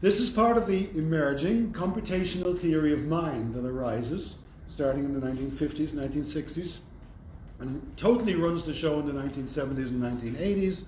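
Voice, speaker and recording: A man's voice: a little high, fairly quick, a little mellow. A man giving a university lecture in a thoughtful, conversational way with wry asides. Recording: roomy echo, faint background noise.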